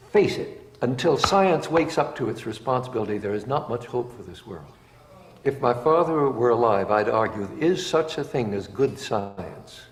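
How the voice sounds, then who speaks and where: A man's voice: medium pitch, animated, moderate pace. A man speaking in a blunt, impassioned, plainspoken way in a recorded talk. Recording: echoey hall with faint noise.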